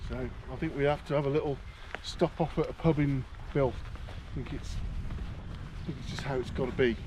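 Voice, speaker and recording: A laid-back man from Shropshire chats on the trail in a plain-spoken way. His voice is warm and mellow, and a faint hiss of outdoor noise sits underneath. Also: mid-range voice, steady tone, brisk. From Shropshire, England. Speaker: hiking companion.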